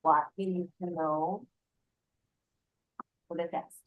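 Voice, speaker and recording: A woman English teacher talks slowly and patiently through grammar points, moving between English and Portuguese. Her voice sits a little low. The sound is roomy with a clear echo. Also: steady tone, phone-quality sound. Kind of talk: online English class.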